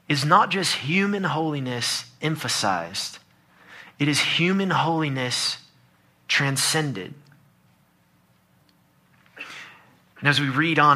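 A man's voice: medium pitch, bright, forceful tone. A man preaching a sermon, earnestly explaining scripture with quoted verses. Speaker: pastor.

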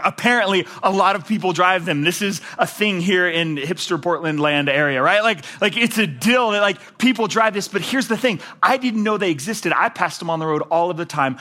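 A man preaching a sermon, animated, swinging between loud emphatic passages and low quiet ones. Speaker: pastor.

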